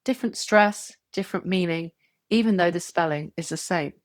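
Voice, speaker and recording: A woman giving a scripted English pronunciation lesson, clear and measured, stretching example words to show stress. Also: on the low side, no room sound, clean studio sound. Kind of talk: scripted tutorial narration.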